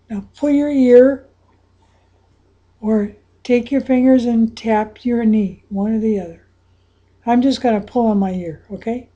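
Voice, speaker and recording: A woman with a slightly high, breathy voice leads a guided visualization. She speaks slowly and unhurriedly, often sinking to a whisper. Then she lifts into bursts of excitement. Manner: slow and breathy, dropping to whispers, then rising to excited exclamations. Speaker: anxiety coach guiding a visualization.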